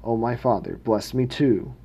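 A man's voice: mid-range voice, normal speed, creaky, dark tone. A man reading as a pleading grown son. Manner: plain read-aloud delivery. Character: desperate grown son pleading with his father.

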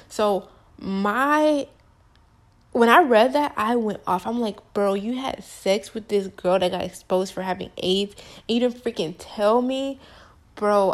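A young woman in her twenties chats straight to camera, spinning a personal story in loose, slangy speech. She talks with an animated, emphatic delivery, leaning hard on key words. Her pitch sits right in the middle of the usual range for a woman. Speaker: vlogger.

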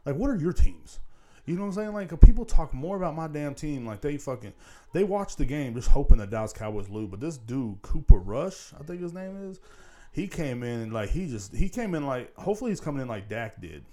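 A man's voice: medium pitch, very animated, brisk, dark tone. A man hosting a casual solo podcast, rambling and swearing constantly and repeating "you know what I'm saying" into a podcast microphone. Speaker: podcast host.

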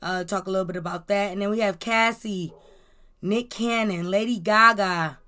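A woman's voice: mid-range voice, steady tone, moderate pace, bright, forceful tone. A young adult woman hosting a casual celebrity gossip podcast, chatty and rambling with lots of filler words. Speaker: podcast host.

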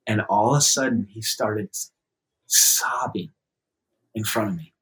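A man telling a personal story in a relaxed, conversational way, acting out quotes and turning soft in serious moments. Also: a little slow. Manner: lively anecdotal telling, acts out quotes in a raised voice; laughs easily, drops to a soft low voice in serious moments. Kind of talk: casual storytelling.

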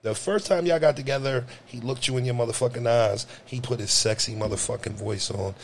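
A man's voice: medium pitch, brisk, creaky, hardly any pauses, slight background noise. Blunt, profane man talking casually. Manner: blunt, profane, animated storytelling. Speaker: podcast co-host. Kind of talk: casual chat.

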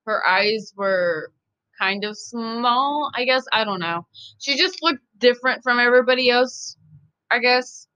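A woman's voice: medium pitch, bright, forceful tone, clear, resonant tone, muffled recording. A woman hosting a podcast, talking in a casual, profane, emphatic and rambling monologue. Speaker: podcast host.

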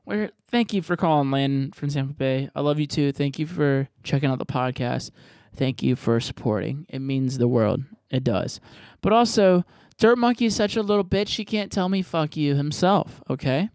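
A man's voice: fairly high pitch, moderate pace, a little mellow, no echo, studio quality. A man hosting a podcast, answering voicemails in a rambling, profane, jokey way. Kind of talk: casual podcast chat.

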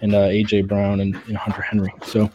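A man's voice: fairly low pitch, monotone, brisk, mellow, a little hiss or hum. A man co-hosting a sports podcast, breaking down players with many fillers and repeated words. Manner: analytical, hesitant fillers and repeats. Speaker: podcast co-host. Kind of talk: casual sports podcast chat.

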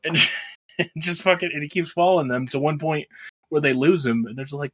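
A man's voice: on the high side, fast talker, a bit bright. Rambling man recapping a film. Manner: rambling, swears freely, laughs while retelling. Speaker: podcast co-host.

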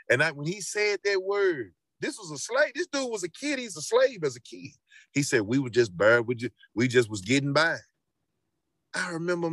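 A man's voice: fairly high pitch, pushed and bright, no echo. A middle-aged man with a Memphis Southern accent, talking earnestly and repetitively as a guest in a casual interview. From Memphis, Tennessee. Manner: earnest, repetitive, preachy storytelling. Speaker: rapper guest.

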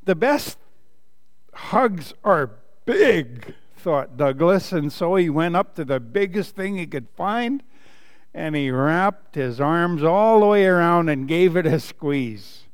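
A man, a pastor, reading a children's story aloud during a sermon, animated and playful with laughing asides. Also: fairly high pitch, measured pace, smooth, long reverb tail.

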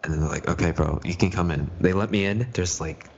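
A teenage boy hosts a casual podcast, telling stories and swearing freely. His voice sits very low. The recording sounds dull and lo-fi. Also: fast talker, creaky, slight background noise. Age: teens. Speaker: podcast host. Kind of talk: casual chat.

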